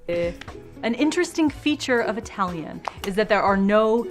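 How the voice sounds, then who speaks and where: A woman coach explains pronunciation in a measured, analytical way. She speaks at a middle pitch, and loud music runs under the clip. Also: animated. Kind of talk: instructional explanation.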